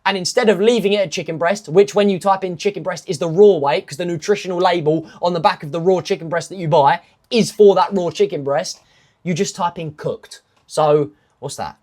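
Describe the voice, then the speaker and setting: A man's voice: high voice, moderate pace, darkish tone. A man, a fitness coach, talking casually through nutrition rules in step-by-step lists, with self-mocking asides. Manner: emphatic, stepwise lists of rules. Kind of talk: casual instructional talk.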